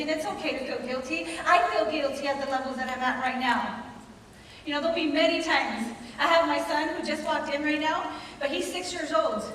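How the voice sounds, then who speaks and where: A woman's voice: sits high, a bit bright, a little hiss or hum. A woman giving an emphatic, conversational motivational speech to an audience in a large hall, repeating key phrases. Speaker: motivational speaker at a business conference. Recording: echoey hall, voice from far off.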